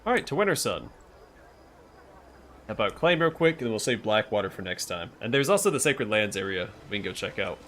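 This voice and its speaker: A man's voice: fairly low pitch, sing-song, fairly quick, fairly bright tone, slight background noise. A man streaming a role-playing game, thinking aloud in casual commentary as he plays. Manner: musing, thinking aloud with fillers.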